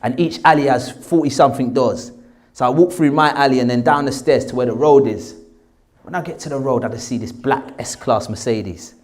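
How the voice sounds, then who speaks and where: Here an English actor in his forties with a South London accent recounts a story about his earlier life, speaking at medium pitch and normal speed. He brings it to life by performing the voices of the people in it.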